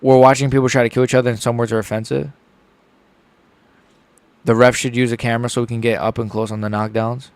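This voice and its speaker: A man's voice: mid-range voice, level tone, fast talker, pauses often, smooth, dry recording. A young man hosting a casual live reaction stream, rambling and stumbling over his words as he chats. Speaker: livestream host.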